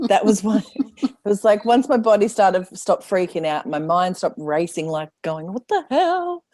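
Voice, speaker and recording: A woman's voice: fairly low pitch, steady tone, moderate pace, a little mellow, no echo. A woman speaking candidly as a podcast guest in casual conversation, acting out her own inner voice and laughing often.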